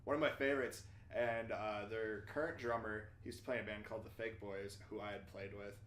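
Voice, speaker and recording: Low-voiced, fast-talking man guesting on a podcast. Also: steady tone, a bit bright. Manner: quick, rambling, filler-heavy. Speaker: podcast guest, band singer. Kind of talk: casual chat. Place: apartment room. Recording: roomy apartment echo, faint hiss.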